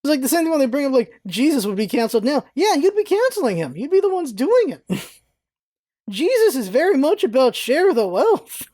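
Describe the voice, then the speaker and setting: A woman ranting in a casual vlog, animated and exasperated, laughing often and swearing freely. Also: high voice, brisk, no room sound, clean studio sound. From United States. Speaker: vlogger, show host.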